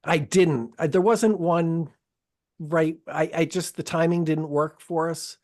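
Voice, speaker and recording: A man's voice: fairly high pitch, fairly even intonation, slow, a little mellow. A man co-hosting a podcast in casual chat, telling stories in a rambling, profane way with many restarts. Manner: rambling, profane, self-interrupting storyteller. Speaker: podcast host.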